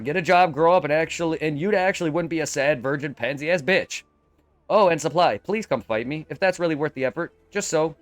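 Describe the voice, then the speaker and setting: Guy streaming live, kinda high-pitched, ranting and cursing fast. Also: no echo. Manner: heated, profane, rapid-fire venting. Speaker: game streamer.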